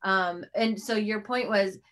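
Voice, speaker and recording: A middle-aged woman hosts a faith interview in an earnest, rambling way. She restarts her sentences and leans on fillers as she goes. Her pitch sits at an everyday middle height. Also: a little slow, fairly bright tone. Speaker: host.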